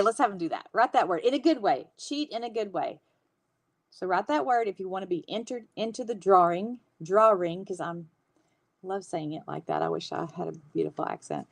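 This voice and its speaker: A woman's voice: mid-range voice, dry recording. Chatty woman hosting a livestream. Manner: chatty, warm-hearted, laughs often. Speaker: livestream host teaching hand lettering. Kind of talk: casual livestream chat.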